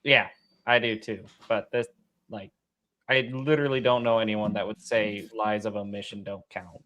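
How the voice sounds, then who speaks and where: A man in a casual stream debate, trading dry, mocking remarks with his opponent. His voice sits on the lower side. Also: fairly even intonation, normal speed, fairly bright tone, muffled recording.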